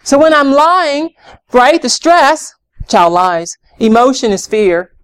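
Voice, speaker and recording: Animated middle-aged woman leading a workshop. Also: high-pitched, slow, smooth. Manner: animated, acts out parent-child scenes, asks the audience questions. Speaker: parenting workshop presenter. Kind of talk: workshop talk to an audience.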